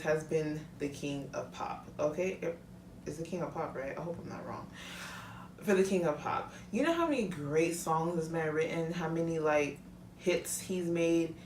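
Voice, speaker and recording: A woman's voice: fairly low pitch, a little hiss or hum. A young woman vlogger in a casual, heated rant, talking bluntly and swearing freely. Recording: echoey room, mic at a distance.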